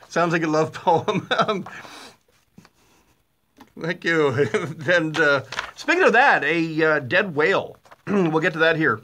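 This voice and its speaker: A middle-aged man hosts a talk radio show. His voice sits a bit high for a man and sounds bright and forceful. He talks in a blunt, sarcastic monologue, animated, with lots of uh's and restarts. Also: slow pace, pauses often, slight background noise.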